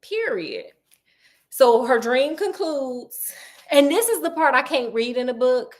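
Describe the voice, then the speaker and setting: A woman casually recapping a horror novel, animated and playful, acting out characters' lines in quick asides. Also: high voice. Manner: playful and sassy. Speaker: book recap host. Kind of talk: casual book recap storytelling.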